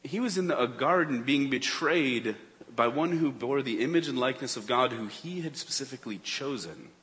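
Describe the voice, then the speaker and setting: A man preaching a sermon in a church, earnest, swinging between urgent emphasis and hushed tones. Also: mid-range voice, moderate pace. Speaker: pastor. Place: church sanctuary. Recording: long reverb of a church hall.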